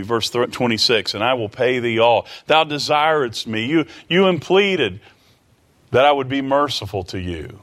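A man preaching a sermon in a voice of middling pitch. He retells a scripture story, acting out pleading lines and putting rhetorical questions to his listeners. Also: expressive, normal speed, fairly bright tone.

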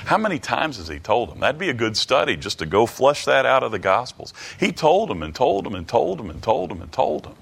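A man preaching a Bible study sermon, halting and restarting, reading scripture aloud and asking the listeners many rhetorical questions. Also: mid-range voice, sing-song, vocal fry, breathy edge. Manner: reads King James scripture aloud.

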